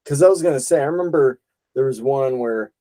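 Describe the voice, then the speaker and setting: A man's voice: mid-range voice, fairly quick, mellow. A young man chatting casually with his mother, rambling through memories and laughing easily. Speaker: son. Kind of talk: casual family chat.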